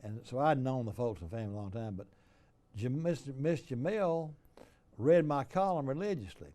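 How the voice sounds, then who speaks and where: A man's voice: mid-range voice, lively intonation, normal speed, dark tone. An older man with an Alabama Southern accent, hosting a casual interview and telling folksy stories. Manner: folksy storyteller. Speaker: host.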